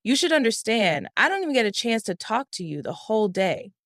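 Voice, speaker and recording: A hot-tempered young husband snaps and accuses in a raised voice, as a woman narrator puts him on. The pitch leaps upward on the angriest words, and the sound is close and dry. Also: sing-song, brisk, fairly bright tone, dry recording. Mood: angry. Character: angry young husband, harsh and scolding.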